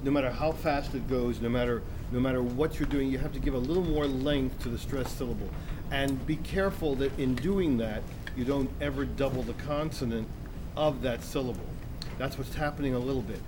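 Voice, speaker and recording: A man's voice: mid-range voice, brisk. A man coaching singers in a masterclass, explaining patiently and often restarting his sentences. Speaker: vocal coach. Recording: noisy room recording.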